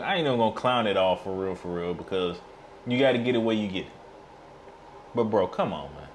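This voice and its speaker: A man's voice: medium pitch, slight background noise. Heated, cursing man reacting to clips. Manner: blunt, heated, slangy trash talk. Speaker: streamer reacting to wrestling clips. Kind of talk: profane reaction commentary.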